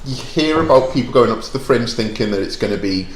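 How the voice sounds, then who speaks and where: A man's voice: mid-range voice, expressive, fast talker. A man musing thoughtfully in a casual chat, trailing off into tag questions. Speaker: podcast guest. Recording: roomy echo with faint background noise.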